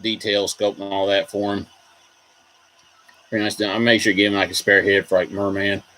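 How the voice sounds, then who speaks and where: A man's voice: on the low side, flat delivery, normal speed, pushed and bright, a little hiss or hum, poor audio. A man hosting a casual video, rambling about collectible figures and reacting to viewer comments. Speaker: toy collector host. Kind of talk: casual chat.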